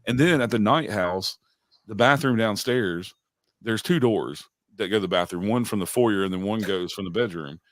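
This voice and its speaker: A man with a very low voice co-hosts a casual podcast chat, swearing and laughing through his stories. The sound is close and dry, with no room echo. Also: normal speed. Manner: profane, laughs often while telling stories. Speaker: podcast co-host.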